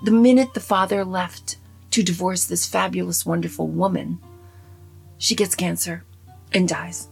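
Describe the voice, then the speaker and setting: Woman, low gravelly voice, very husky, animated and opinionated, casual film review, faint guitar music behind. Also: normal speed. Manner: animated, opinionated, rambling with many asides. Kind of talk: casual spoken movie review.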